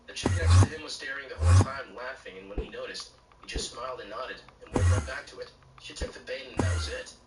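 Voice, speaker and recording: A man's computer-generated voice reading short stories aloud in a flat, even way. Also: lowish voice. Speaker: story narrator. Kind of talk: text-to-speech reading of bartender stories. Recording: echoey, distant, noisy.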